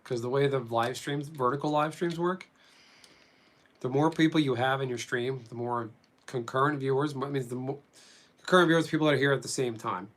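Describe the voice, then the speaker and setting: A man's voice: medium pitch, fairly quick. A man chatting casually with viewers during a live stream, rambling as he reads and answers them.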